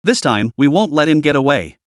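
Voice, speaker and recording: Brief: smooth male spy agent, confident and persuasive, read by a man, slightly high voice, dry. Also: very animated, brisk, dry recording.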